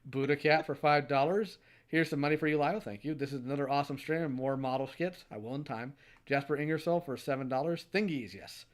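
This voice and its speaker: A man's voice: on the high side, a little fast. A young adult man hosting a livestream, reading donation messages aloud and answering each with a short, dry quip. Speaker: streamer host.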